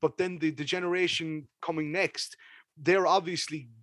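A man's voice: a little high, steady tone, normal speed, fairly bright tone, no echo. A young man hosting a podcast, reviewing an album in casual, rambling chat with plenty of swearing. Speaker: podcast host.

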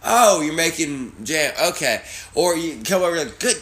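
A man's voice: fairly high pitch, lively intonation, takes it slowly, bright, forceful tone. A man co-hosting a podcast in casual, profane, joking chat. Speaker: podcast co-host. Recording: roomy echo.

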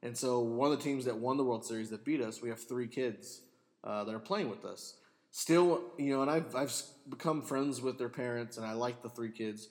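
A man hosts a casual family chat, rambling and animated and quick to laugh. His voice sits at a middle pitch. It rings with a long hall reverb. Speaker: podcast host.

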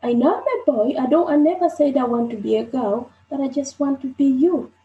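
A woman shares her own story as an interview guest, her voice sitting a little high and mellow. She stumbles and repeats herself, voicing the people in her story. The room around her rings with echo. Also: muffled recording, slight background noise. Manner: halting, repeats herself, acts out dialogue. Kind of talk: emotional personal storytelling. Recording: roomy echoey sound.

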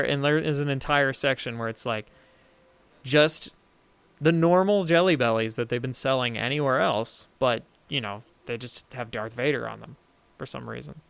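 Smooth-voiced young man chatting. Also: mid-range voice, a bit bright. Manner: rambling, self-interrupting, laughs easily. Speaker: podcast co-host. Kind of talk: casual chat.

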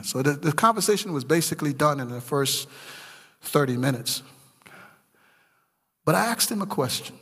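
A male pastor with a slightly high, gravelly and husky voice preaches with emphatic, storytelling delivery. His sermon rings out with the long reverb of a church hall. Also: lively intonation, moderate pace, pauses often, fairly bright tone.

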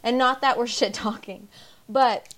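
With a fairly high, steady, slightly bright voice, this young female podcast co-host talks unhurriedly. Her casual chat is giggly, rambling, and blunt.

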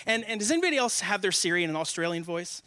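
A man in his twenties preaching in church with a high, bright voice. He keeps it conversational and joking and often asks the congregation questions. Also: very animated, rapid-fire. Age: 20s. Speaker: guest speaker. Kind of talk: humorous conversational sermon.

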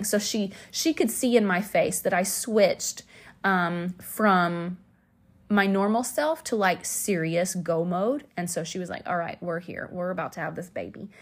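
A woman hosts a podcast and tells a personal story in a candid, chatty way. Her voice sits at a middle pitch, and she breaks into high, shouted bursts when she acts out what people said. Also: expressive, measured pace. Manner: candid, chatty, with fillers and asides; acts out quoted lines with sudden high shouts. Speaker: podcast host.

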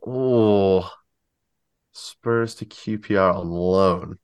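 A man's voice: low-pitched, drawn-out words, darkish tone, smooth, no echo. A man answering a football quiz among friends, thinking aloud as he works through his guesses. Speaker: quiz contestant. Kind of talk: casual chat.

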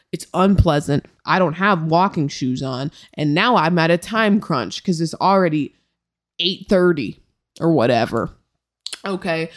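A young woman co-hosting a podcast, telling a story in a casual, animated and profane way. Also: on the low side. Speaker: podcast co-host.

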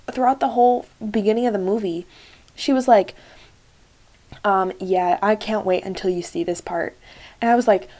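A woman's voice: medium pitch, normal speed, long pauses, warm tone. A young woman hosting a solo podcast, chatting casually and gushing, with lots of "like" and "um". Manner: gushing, many fillers like "like" and "um". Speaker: podcast host.

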